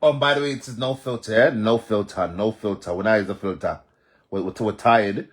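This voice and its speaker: Jamaican guy on a live, lowish voice, chatty and loud, keeps replying to commenters. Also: brisk. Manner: animated, reads out viewer comments and answers them. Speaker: live stream host. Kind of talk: casual live stream chat.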